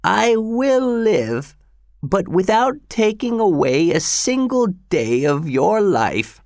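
A dying old man speaks in a frail, breathy voice, as a male reader puts him on, pitched well above the reader's own. His words come slowly and strangely, with a proud, knowing edge. The recording is dry and close. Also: sing-song, a little mellow, no room sound, exaggerated voice. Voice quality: weak, breathy.

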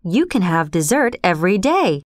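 A woman's voice: lowish voice, sing-song, normal speed, no echo, studio quality. A woman voicing a polite, patient father elephant in a children's storybook, speaking in a coaxing way.

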